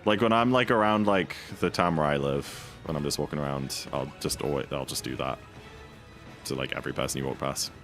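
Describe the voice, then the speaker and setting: A man's voice: a bass voice, brisk, fairly bright tone, soft background music. A man streaming a speedrun, chatting casually and rambling with lots of fillers and playful asides. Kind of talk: casual chat while speedrunning.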